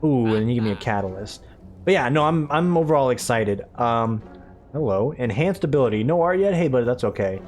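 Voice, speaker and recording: A man's voice: mid-range voice, expressive, fairly quick, soft background music. A young man chatting casually through a let's play, rambling and self-deprecating. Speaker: gaming YouTuber.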